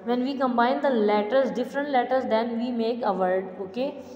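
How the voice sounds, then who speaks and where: Woman teacher, measured and repetitive, recorded in a roomy, echoing space. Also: a little high, a little mellow, muffled recording. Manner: slow, deliberate, repeats answers word by word. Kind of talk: online revision lesson. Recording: echoey room, faint background hum.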